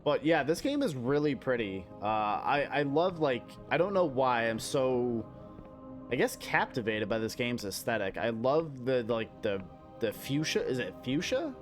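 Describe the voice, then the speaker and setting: A young man from the United States streams a game, chatting casually in a rambling, profane way and drifting into mock-outraged rants. His voice is mid-range, expressive, and unhurried, with soft background music.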